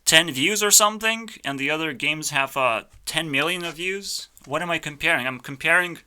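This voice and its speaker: Male YouTuber, live reaction rant; cocky, profane, piercingly bright tone. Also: a little high, normal speed, clean tone. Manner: brash, swearing, mock-arrogant ranting. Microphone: headphones on, desk mic.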